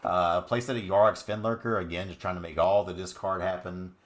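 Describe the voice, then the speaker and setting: A man's voice: sits low, steady tone, fairly quick. A man giving upbeat, chatty commentary on card game decks, with many fillers. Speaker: card game content creator. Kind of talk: casual deck commentary.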